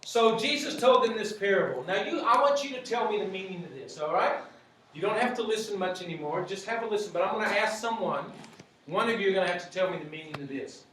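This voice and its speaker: High-voiced man teaching in an echoey space. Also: animated, quick pace, a bit bright, slight background noise. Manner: asks many rhetorical questions; repeats phrases. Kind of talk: teaching a group. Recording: very echoey, from far off.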